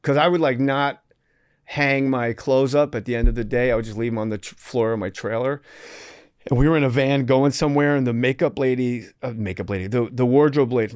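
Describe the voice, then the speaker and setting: A man's voice: mid-range voice, clean tone, dry recording, clean studio sound. A man hosting a podcast in casual comedic chat, telling stories and joking brashly. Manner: storytelling, brash joking, does quick impressions. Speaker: podcast host.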